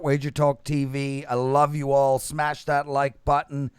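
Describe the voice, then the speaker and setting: An emphatic man hosting a sports-betting panel over a call, his voice sitting fairly high and swinging between loud bursts and low mumbles. The sound is dry and close, with no room around it. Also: little pitch movement, moderate pace, few pauses, smooth, dry recording. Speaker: show host. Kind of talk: casual betting panel talk.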